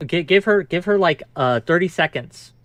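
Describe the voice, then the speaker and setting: A man moderating an online debate, who speaks hesitantly and tries to calm both sides. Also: high voice, moderate pace. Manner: hesitant, many fillers and restarts, conciliatory.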